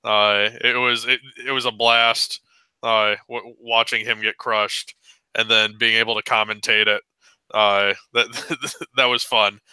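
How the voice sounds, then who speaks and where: Man with a very bright, smooth voice. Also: fairly low pitch, level tone, dry recording. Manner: joking, quick to laugh. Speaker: podcast co-host. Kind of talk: casual chat.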